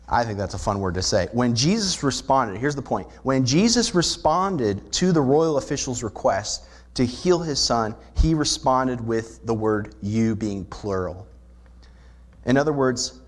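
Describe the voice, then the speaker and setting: A male pastor delivering a sermon, his voice sitting at an ordinary middle pitch. He talks earnestly and explains scripture step by step, often stopping to pose rhetorical questions to the congregation. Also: slightly rough. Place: church sanctuary.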